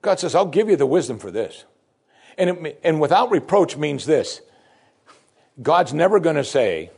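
Animated husky-voiced male preacher. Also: a little high, moderate pace, long pauses. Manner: animated, swings between loud emphasis and soft asides. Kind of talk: sermon.

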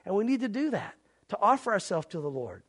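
A man's voice: sits high, very animated, brisk, husky. A man preaching a sermon, dramatic at times, acting out scenes and pleading earnestly with his listeners. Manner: dramatic, acts out mocking crowds and shouts; earnest, pleading altar call. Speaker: pastor.

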